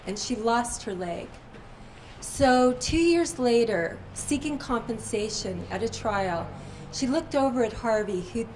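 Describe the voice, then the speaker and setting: A woman author at a bookstore signing, retelling stories to an audience expressively and slowing down for emphasis. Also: fairly high pitch, a little hiss or hum, low-quality recording. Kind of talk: storytelling talk to an audience. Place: bookstore event.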